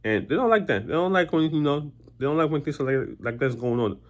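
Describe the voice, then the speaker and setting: A vlogger with a slightly high voice and lively intonation talks briskly to camera about his job in a casual monologue. He rambles and repeats himself, piling on filler and many "you know"s, sounding blunt and exasperated.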